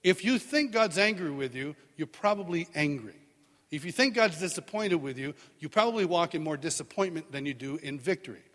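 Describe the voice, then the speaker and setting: A man's voice: fairly high pitch, a little fast. A middle-aged man preaching a sermon to a live congregation, telling stories with animation and acting out the voices of the people in them. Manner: animated storytelling, acts out voices in dialogue. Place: large church hall with live congregation. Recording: long hall reverb.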